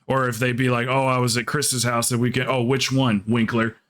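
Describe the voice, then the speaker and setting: A man's voice: medium pitch, level tone, fairly quick, a bit bright. A man from South Carolina, streaming a game and telling rambling, joking stories in casual chat. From South Carolina, USA. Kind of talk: casual chat while gaming.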